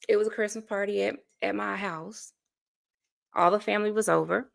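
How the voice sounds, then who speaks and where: A gravelly, mid-range voice moving at a brisk clip belongs to an American woman in her forties. She's a life coach appearing as a guest in a casual interview, earnest and full of stories, laughing between her thoughts.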